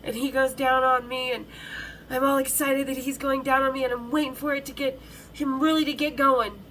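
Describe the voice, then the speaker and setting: A woman's voice: high-pitched, little pitch movement, a little fast, a bit bright, slight background noise, low-quality recording. A middle-aged woman hosting a podcast, telling a story in a frank, bawdy, chatty way with many restarts. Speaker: podcast host.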